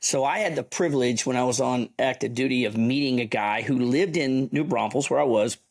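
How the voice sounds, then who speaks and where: A middle-aged man, an army veteran telling a story as a podcast guest in an animated, profane way. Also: medium pitch, a little fast, vocal fry. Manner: animated, profane yarn-spinner. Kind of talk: casual storytelling.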